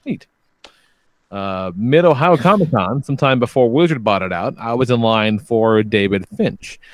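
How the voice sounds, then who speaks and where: Man, podcast co-host, casual chat, swears freely, middle pitch, dry sound. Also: lively intonation, moderate pace, dry recording. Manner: laid-back, swears casually, laughs along. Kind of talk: casual chat, reading listener con stories.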